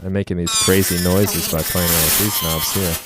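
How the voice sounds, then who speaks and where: A man giving a casual music production tutorial at his computer, explaining each knob in a relaxed way with frequent ums, over loud instrument sounds. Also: low-pitched, fairly quick, very noisy. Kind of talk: casual screen-recorded software tutorial. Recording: loud instrument demos behind the voice. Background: loud synth and trumpet sounds playing.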